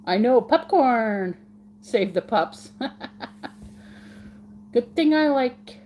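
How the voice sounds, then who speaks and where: A woman's voice: fairly high pitch, lively intonation, extremely slow, darkish tone, a little hiss or hum. A woman hosting a casual live stream, chatting with viewers in a giggly, playful way and repeating words for fun.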